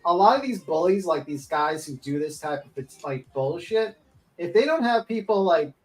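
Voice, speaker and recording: A blunt, opinionated speaker trading views in a loose online panel, mid-pitched voice, swearing freely and breaking into laughter. The talk is relaxed and chatty, full of "like" and "you know". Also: moderate pace. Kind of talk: casual panel chat.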